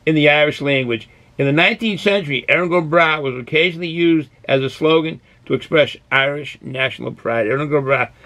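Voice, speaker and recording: A man from Boston with a fairly high, fairly bright voice hosts a laid-back beer review vlog. He rambles and wanders onto tangents as he drinks and snacks.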